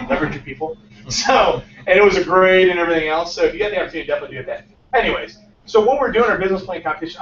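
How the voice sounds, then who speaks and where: Energetic young man, high voice, echoey room. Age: 20s. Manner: energetic, peppers lines with "right?". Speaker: startup founder giving a talk. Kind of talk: casual motivational talk. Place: lecture room. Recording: echoey muffled room sound from far off.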